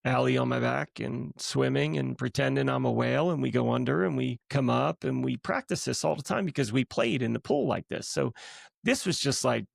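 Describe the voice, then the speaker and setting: A middle-aged man, a guest on his wife's podcast, telling a personal story in a casual, lively way and acting out what people said. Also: mid-range voice, moderate pace, vocal fry, a little hiss or hum. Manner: lively storyteller who acts out quotes. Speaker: guest, the host's husband.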